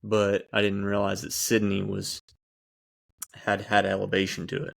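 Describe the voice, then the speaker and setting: A man co-hosts a running podcast in loose, casual chat. His voice carries a gravelly, fry-tinged edge. He keeps the tone light and joking. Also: lowish voice, completely flat delivery, moderate pace. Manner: joking, easygoing banter. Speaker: podcast co-host.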